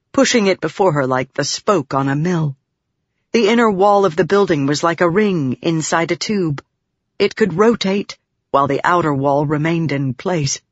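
An audiobook narrator giving an even, measured reading of a fantasy novel, in a dull, dry recording. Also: medium pitch, no room sound.

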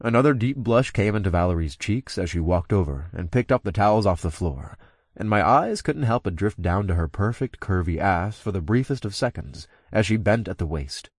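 Guy reading a first-person audiobook, lowish voice, easygoing and a little amused, dry studio mic. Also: lively intonation, normal speed, slightly rough, no room sound. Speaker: audiobook narrator. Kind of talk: first-person scripted narration.

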